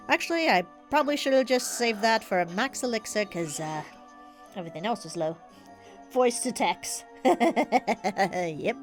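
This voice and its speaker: A woman's voice: a little high, expressive, a little slow, soft background music. A woman streaming a game, chatting casually with a stuffy nose, giggling and rambling through stories. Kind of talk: casual live-stream chat.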